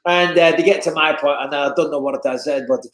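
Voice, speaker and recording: An English man telling stories in a casual podcast chat as a fight commentator, animated and swinging his voice up and down. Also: fairly quick, roomy sound, a loud crowd. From England. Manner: animated storyteller, lively swings in pitch and loudness.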